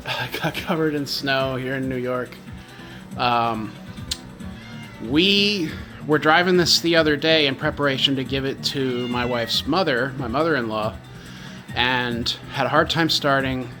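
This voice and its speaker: A man's voice: medium pitch, unhurried. Chatty middle-aged man in a garage, music playing behind. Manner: chatty, self-deprecating, animated storytelling. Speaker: garage tuning channel host. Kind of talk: casual garage vlog. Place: home garage.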